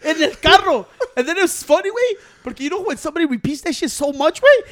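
A man's voice: extremely high pitch, sing-song, fast talker. A man telling a story in casual chat, laughing often, swearing freely and mixing Spanish into his English.

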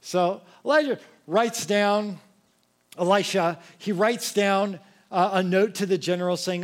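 A young man preaching a sermon in a casual, conversational way, slipping into lively acted quotes. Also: sits high, measured pace. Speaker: pastor.

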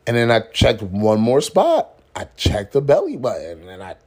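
A man's voice: mid-range voice, huge pitch swings, normal speed, a little mellow. A man hosting a casual motivational podcast, talking in a laid-back, slangy way, swearing freely and laughing at his own stories. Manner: slangy, says "man" often. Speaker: podcast host.

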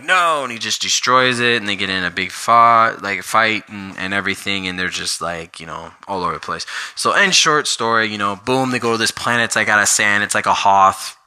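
Guy ranting about a movie, kinda low but really sharp bright voice, rambly, lots of likes. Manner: rambling, filler-heavy, exasperated. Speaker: vlogger reviewing a movie. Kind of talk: casual rant.

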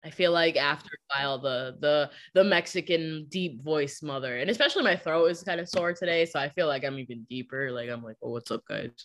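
A young adult woman teacher co-hosting a podcast in casual chat, animated and laughing, sometimes putting on a sweet phone voice. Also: deep voice, brisk, few pauses.

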